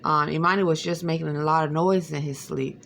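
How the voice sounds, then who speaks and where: Woman, gravelly mid-range voice, halting late-night phone vlog with faint noise behind. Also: low-pitched, fairly even intonation, fairly bright tone. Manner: hesitant, rambling, many fillers. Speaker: vlogger. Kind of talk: late-night personal monologue.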